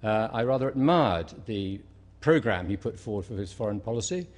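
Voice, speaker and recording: A man's voice: fairly low pitch, lively intonation. Wry British man debating. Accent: British English. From Britain. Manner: wry, measured, with frequent ums and uhs. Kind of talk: formal debate speech. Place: live debate hall with audience.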